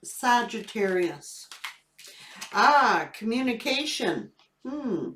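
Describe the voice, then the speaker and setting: Slow-talking tarot reader woman, echoey room. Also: on the high side, slight background noise. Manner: laughing, animated storytelling. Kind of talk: casual tarot reading vlog.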